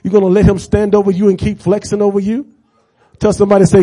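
High-voiced fervent preacher man. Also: level tone, fast talker, slightly rough. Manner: call-and-response, builds from low talk to fervent shouting; repeats phrases for emphasis, casual conversational asides. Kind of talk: sermon.

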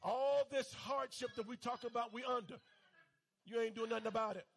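A man's voice: very high-pitched, a little fast, gravelly, slight background noise. A male pastor preaching a fervent sermon, calling on his congregation to repeat lines back to him. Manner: fervent, call-and-response preaching.

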